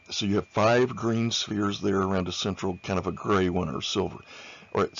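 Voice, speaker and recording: Low-voiced man giving a casual lecture. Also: lo-fi sound. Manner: informal, many "uh" fillers, repeats key points. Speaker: chemistry lecturer. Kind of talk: recorded slide lecture.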